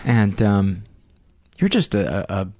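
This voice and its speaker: A man's voice: lowish voice, very animated, slow. A man hosting a podcast, speaking earnestly and reflectively in casual conversation. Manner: earnest and reflective, with gentle restarts. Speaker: podcast host.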